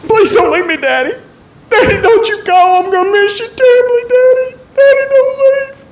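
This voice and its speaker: A man's voice: moderate pace, crowd noise. A man putting on a sobbing seven-year-old. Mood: tearful pleading. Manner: high wailing falsetto, sobbing pleas. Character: crying little girl or boy, about seven, clinging and begging.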